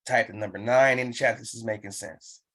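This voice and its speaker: A man's voice: mid-range voice, fairly even intonation, fast talker, fairly bright tone. Male business trainer, live online session, emphatic and repetitive, pushes the audience to act. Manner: pumped-up, urging.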